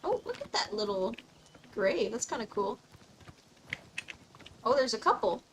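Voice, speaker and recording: A young woman is livestreaming a game and chatting away in a high, bubbly voice. She keeps things playful, giggling often and slipping into mock-formal phrases. A faint hiss sits under her talk. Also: sing-song, unhurried, long pauses, low-quality recording. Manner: playful, giggly, rambling, mock-old-fashioned asides. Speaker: streamer. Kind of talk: casual gameplay commentary.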